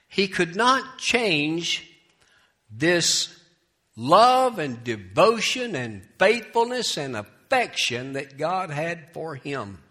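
A male pastor with a bright, forceful tone, preaching a sermon. He moves between quiet, folksy asides and loud, emphatic scripture reading. He often restarts his phrases. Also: fairly high pitch, big pitch swings, takes it slowly.

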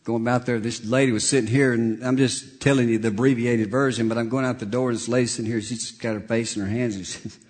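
A man preaching a sermon, reading scripture slowly and telling animated stories, chuckling as he goes. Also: medium pitch, big-room sound. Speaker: pastor.

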